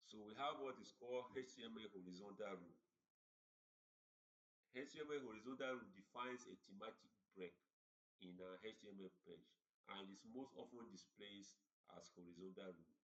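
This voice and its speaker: Halting man teaching code. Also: fairly low pitch, a bit bright. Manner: halting, repeats words while explaining. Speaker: coding instructor. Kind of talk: screen-share coding tutorial. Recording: roomy, dull lo-fi recording.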